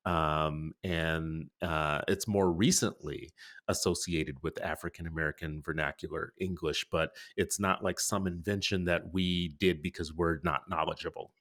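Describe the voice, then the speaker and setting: A man with a very deep voice chatting casually as a podcast co-host. His delivery is easy and unhurried. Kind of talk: casual chat.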